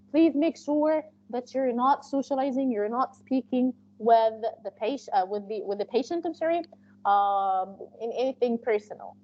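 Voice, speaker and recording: Female instructor giving an online class over a lo-fi call, high pitch and soft tone, explanatory and loose. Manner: explanatory, with frequent fillers and restarts. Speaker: medical interpreting instructor. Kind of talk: live online class lecture. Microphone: video call. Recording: muffled lo-fi call audio.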